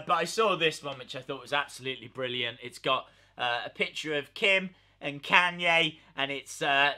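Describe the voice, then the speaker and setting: A wrestling YouTuber with a high, very bright and sharp voice, talking casually straight to his viewers. He keeps chuckling as he comments and sounds amused throughout. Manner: amused, often laughing.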